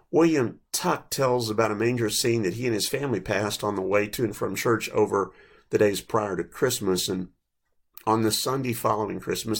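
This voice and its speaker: An older man in his late sixties preaching a reflective sermon, telling stories gently with small restarts. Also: on the low side, creaky. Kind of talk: sermon with storytelling.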